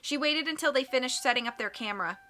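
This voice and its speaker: A woman narrating an audiobook in a clear, expressive reading voice. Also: sits high, quick pace, soft background music. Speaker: audiobook reader.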